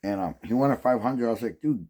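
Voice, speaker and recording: A man's voice: mid-range voice, a little fast, a little mellow. A man talking straight to camera in a casual vlog, telling a rambling story in an agitated way and swearing constantly. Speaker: vlogger.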